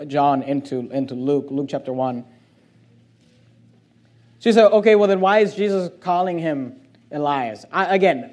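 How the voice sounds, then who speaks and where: High-voiced emphatic male preacher. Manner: emphatic preaching, rising loud on key points. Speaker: pastor. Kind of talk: sermon.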